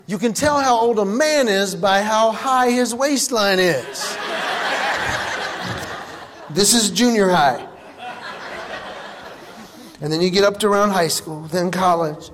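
A high-voiced male comedian telling stories in an animated, exaggerated way. His voice rings through a big hall with long reverb and faint background noise. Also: slow, pauses often. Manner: animated, exaggerated, playing for laughs. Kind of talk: stand-up storytelling.

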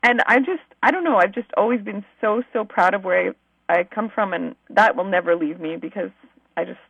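A woman's voice: mid-range voice, a little fast, vocal fry, a bit bright, husky, no echo, dull audio. A woman from Manitoba, Canada, a musician guest, telling stories in an effusive, chatty way. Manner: effusive, bubbly storytelling. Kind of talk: casual interview chat.

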